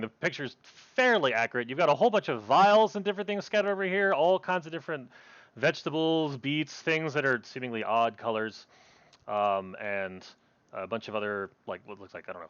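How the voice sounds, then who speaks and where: A man's voice: medium pitch, a bit bright, clean tone, dry recording, dull audio. Rambling game master man. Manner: rambling, many fillers and restarts. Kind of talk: narrating a tabletop game.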